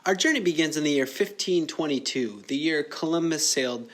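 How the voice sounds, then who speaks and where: A man's voice: a little high, expressive, a little fast, music in the background. A man telling a silly made-up story for kids, rambling and jokey with casual fillers.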